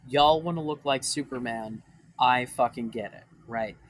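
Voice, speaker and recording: His voice still cracking from crying, a young man who gives dating advice vents on his vlog in an unhurried, mid-range voice. He swears often, rambles, sounds exasperated, and keeps restarting sentences amid many fillers, all on a rough recording.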